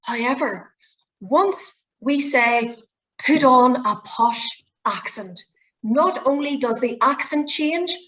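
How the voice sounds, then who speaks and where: A woman's voice: sits high, lively intonation, slow pace, a bit bright, poor audio. A woman presentation skills trainer leading a workshop, chatty and encouraging with polite requests. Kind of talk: workshop teaching.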